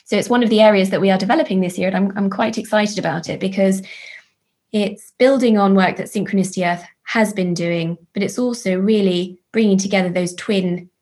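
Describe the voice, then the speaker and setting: Woman, charity leader guest, earnest, thoughtful, frequent restarts, mid-pitched. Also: fairly even intonation, darkish tone. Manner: earnest, halting restarts, enthusiastic. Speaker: charity chief executive, guest. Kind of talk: reflective interview talk.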